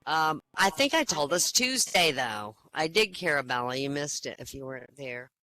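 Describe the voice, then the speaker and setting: A woman's voice: deep voice, very animated, normal speed, pushed and bright, poor audio. A woman hosting a casual online comedy night, telling jokes in a chatty, rambling way with hesitant fillers. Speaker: comedy open-mic host. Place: online virtual-world voice chat.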